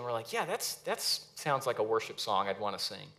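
A man's voice: mid-range voice, sing-song, a little slow, pushed and bright. A man preaching a sermon as pastor, earnest and dramatic when reading scripture, with frequent restarts.

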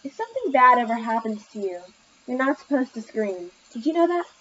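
A woman's voice: on the high side, animated, brisk, pushed and bright, a little hiss or hum. A woman voicing an anxious, protective mother who is strict, read in an insistent, edgy way. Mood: worried. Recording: slightly muffled lo-fi recording.

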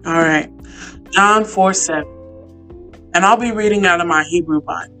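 A woman's voice: fairly low pitch, moderate pace, long pauses, sharp tone, soft background music. A woman hosting a podcast Bible study, talking casually and earnestly to her listeners and leading them in fervent prayer.

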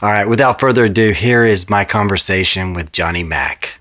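A man hosts his podcast in a relaxed, rambling way, full of fillers and restarts. His voice sits on the low side. He talks casually, as if chatting with a friend. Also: brisk. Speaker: podcast host. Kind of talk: casual podcast ad read and intro.

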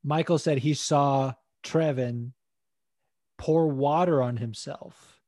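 A man's voice: mid-range voice, takes it slowly, darkish tone, no echo, studio quality. A man co-hosting a casual podcast, rambling about fights with frequent swearing and laughter. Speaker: podcast co-host. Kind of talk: casual MMA podcast chat.

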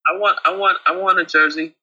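A man co-hosting a casual talk show, chatty and affectionate, with a husky voice. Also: high voice, fairly even intonation, a little fast, pushed and bright, lo-fi sound. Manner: chatty, calls co-host babe. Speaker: co-host. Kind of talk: casual chat.

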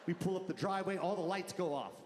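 Animated stand-up comic in a large arena. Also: male voice, high voice, fast. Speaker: stand-up comedian. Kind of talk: stand-up comedy set. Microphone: handheld stage mic. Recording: live arena show with crowd noise.

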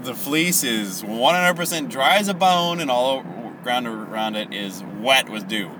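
Animated man retelling a Bible story. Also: mid-range voice, unhurried, noisy background. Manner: animated, laughing, corrects himself. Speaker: Bible teacher. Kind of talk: casual Bible teaching.

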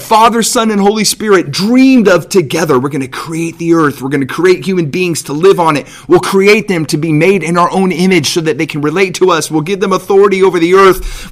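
A man giving a casual Bible teaching, paraphrasing God's words in everyday speech with lively emphasis. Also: high-pitched.

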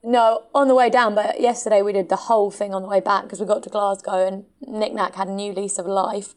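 A woman co-hosting a podcast in casual chat, her husky voice hoarse and worn out from chanting, laughing between stories. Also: medium pitch, fairly even intonation, a little fast. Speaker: podcast co-host.

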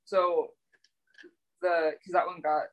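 A woman's voice: lowish voice, flat delivery, takes it slowly, muffled recording. A woman playing a tabletop game, casual and asking questions. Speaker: player.

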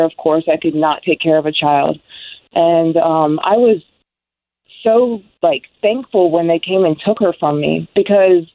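Young woman guest, heartfelt halting testimony, low-ish voice, dry tinny line. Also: no room sound. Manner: halting, many ums, heartfelt. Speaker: guest sharing recovery story. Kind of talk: emotional personal testimony. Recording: dry tinny phone-like sound.

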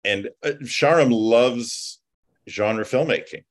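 A man, a film writer and producer, chatting casually and telling animated stories full of fillers and digressions. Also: medium pitch, takes it slowly. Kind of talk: casual chat.

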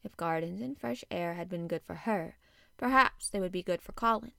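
A woman reading a classic children's novel aloud, measured and gentle. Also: on the low side, vocal fry, no room sound, studio quality. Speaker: audiobook narrator. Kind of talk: storybook narration.

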